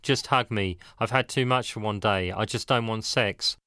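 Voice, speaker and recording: A man voicing a tearful young woman in a read-aloud story, soft and pleading. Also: lowish voice, moderate pace, dry recording, studio quality.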